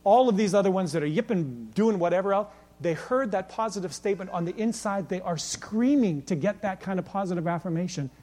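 A middle-aged man preaching a sermon as pastor, emphatic and rhetorical, building to near-shouts at his peaks. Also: sits high, brisk. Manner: repeats "can I tell you" rhetorically.

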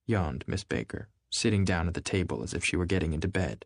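A man narrating a classic novel as an audiobook in a measured, even manner. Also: low-pitched, creaky, no echo, studio quality. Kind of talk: scripted literary narration.

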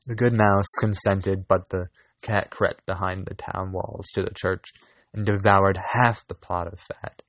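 Guy reading an old fairy tale aloud, really slow, low voice, dry close sound. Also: steady tone, vocal fry, no echo. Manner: slow, deliberate reading with small restarts. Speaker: reader.

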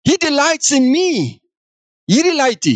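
South african guy preaching, high voice, dry sound, takes it slow. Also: no echo. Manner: animated, acts out God's words, mixes in other languages. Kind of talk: sermon.

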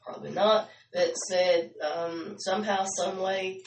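A teasing woman co-host with a gravelly, creaky voice. She sits back from the mic in an echoey room, sounding a little distant. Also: fairly low pitch, fairly even intonation, measured pace, slight background noise. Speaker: radio show co-host. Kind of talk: casual on-air chat.

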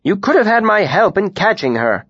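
A man's voice: high voice, very animated, normal speed, fairly bright tone, slightly rough, dry recording, pitched above the performer's own voice, heavily acted. A man voicing a fussy older male tinker who pleads and sighs reluctantly. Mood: pleading. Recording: dry, slightly muffled studio recording.

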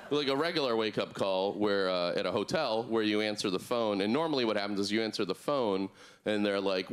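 A man in his thirties doing a deadpan, absurd stand-up routine on a club stage, jumping up into a high voice for the people he quotes. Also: a little fast, clean tone. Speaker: stand-up comedian. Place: comedy club stage before a live audience.

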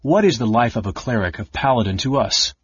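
A man voicing a proud female dark sorceress who speaks low and coldly with a sneer. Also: animated, moderate pace, breathy edge, no room sound, highs cut off.

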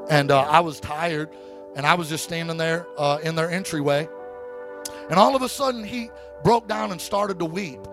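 A man preaching a sermon to a church congregation, telling a personal story in an easygoing way and then rising into shouted, sing-song preaching. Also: fairly high pitch, normal speed, music in the background. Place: church sanctuary.

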